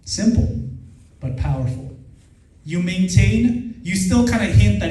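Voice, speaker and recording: A fairly high-voiced man from the Philippines, a native Filipino speaker, gives an energetic motivational seminar and gets the audience to repeat his lines. His voice rings through a very echoey hall, picked up from some distance. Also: normal speed. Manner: energetic, laughs often, leads the crowd in repeating lines. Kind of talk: motivational seminar talk with call-and-response. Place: large event hall with a live audience. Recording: echoey hall, voice far from the mic.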